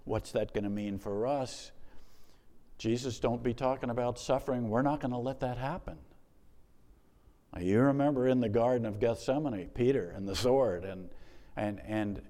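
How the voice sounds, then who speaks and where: A male pastor preaching a sermon in an animated, conversational way, with emphatic repetition and joking asides. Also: mid-range voice, normal speed, in a large hall.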